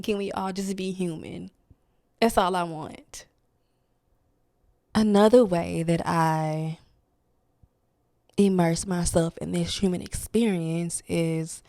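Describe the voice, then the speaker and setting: A woman's voice: on the low side, darkish tone, no echo, clean studio sound. A young woman, talking candidly and earnestly in a reflective vlog monologue, dropping slang and checking in with "okay?" as she goes. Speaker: wellness vlogger.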